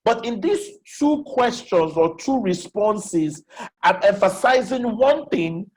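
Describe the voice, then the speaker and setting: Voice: mid-range voice, expressive, slow, darkish tone, a little hiss or hum, low-quality recording. A presenter giving a live online lecture as facilitator, repeating key questions and checking that listeners follow. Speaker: webinar facilitator. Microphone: video call.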